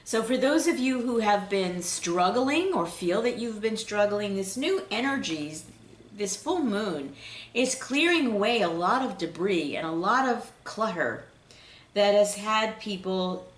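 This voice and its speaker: A woman giving an unscripted spiritual tarot reading in a gentle, flowing way, pausing with fillers and restarts. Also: mid-range voice, animated, roomy sound. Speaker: intuitive tarot reader.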